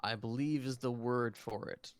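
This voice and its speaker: A man does an alien ship surgeon in a tabletop game, unhurried and matter-of-fact as he gives his findings. The voice is smooth and clear, recorded close and dry. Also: medium pitch, steady tone, dry recording, natural voice. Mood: clinical.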